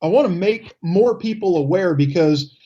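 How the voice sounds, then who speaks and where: A man's voice: high-pitched, expressive, moderate pace, warm tone, husky, lo-fi sound. A man in his fifties hosting a radio talk show, chatting casually and easily with his guests. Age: 50s.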